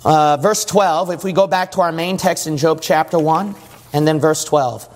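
A man's voice: on the high side, moderate pace. A man preaching a sermon emphatically, often asking his congregation questions. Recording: long church reverb.

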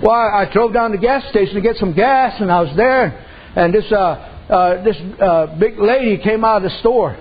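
A man's voice: sits high, normal speed, breathy edge. A man preaching a sermon in a folksy storytelling way, peppering his talk with amens. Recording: dull lo-fi sound with faint noise.

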